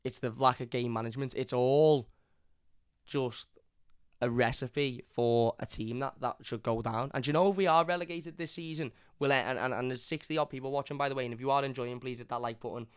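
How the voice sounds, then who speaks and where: Young male fan host, exasperated live rant, clear smooth voice, dry close mic. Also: medium pitch, fairly even intonation, a little fast, dry recording. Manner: frustrated, repetitive, swears often. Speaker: football fan channel host. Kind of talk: live match review rant.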